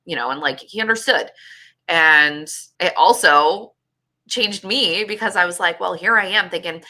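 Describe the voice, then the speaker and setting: A woman's voice: low voice, brisk, bright, forceful tone. A woman hosting a podcast, telling a personal story in a candid, emotional way and swearing freely. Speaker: podcast host.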